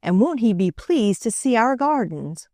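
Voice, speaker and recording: A woman's voice: a little high, sing-song, unhurried, warm tone, no room sound, studio quality, pitched above the performer's own voice. A woman voicing an earnest young girl who turns tearful easily, in a storybook reading. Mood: eager.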